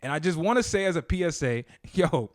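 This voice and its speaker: A man's voice: fairly high pitch, animated, brisk, dry recording, studio quality. A man co-hosting a casual podcast debate, talking animatedly and acting out quoted people in a raised voice. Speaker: podcast co-host.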